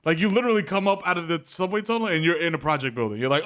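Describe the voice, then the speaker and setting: A man's voice: fairly high pitch, lively intonation, fairly bright tone. A man in his thirties with a New York accent, a podcast co-host riffing and joking in casual banter. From the Bronx, New York. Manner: quick riffing, laughs often.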